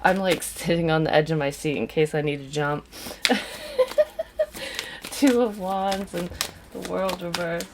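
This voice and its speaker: A woman's voice: on the low side, normal speed, background noise. A woman giving a casual tarot reading to camera, blunt and swearing freely, drifting into rants. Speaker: psychic tarot reader.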